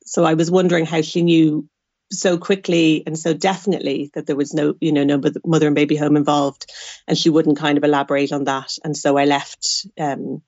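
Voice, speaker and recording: An Irish woman with a lowish voice speaks frankly, her exasperation broken by wry asides. The sound is dry and a little muffled, as over a lo-fi line. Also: flat delivery, fairly quick, a little mellow, dry recording. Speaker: interview guest, adopted person. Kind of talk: radio interview.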